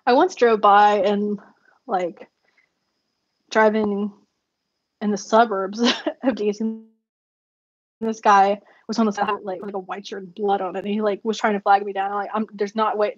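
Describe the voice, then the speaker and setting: Casual storytelling while journaling: a woman vlogger rambles through her stories in a mid-range voice, frequently laughing amid fillers. There's no room sound in the dull, dry lo-fi recording.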